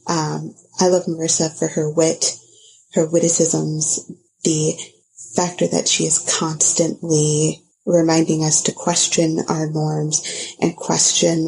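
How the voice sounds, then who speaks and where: Low flat voiced woman, gravelly, talking slow and earnest about a friend. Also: poor audio. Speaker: podcast host sending a message. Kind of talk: recorded message, heartfelt praise.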